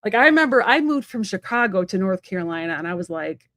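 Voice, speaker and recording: A woman giving a live-stream tarot reading from home, talking fast and rambling in a chatty way with many fillers. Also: medium pitch, very animated, a bit bright, a little hiss or hum. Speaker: psychic medium and tarot reader.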